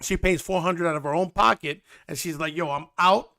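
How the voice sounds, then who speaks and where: Gravelly, bright-voiced man recapping gossip. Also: on the high side, fairly quick. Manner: animated, sarcastic, gossipy. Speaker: host. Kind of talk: casual reality-TV recap.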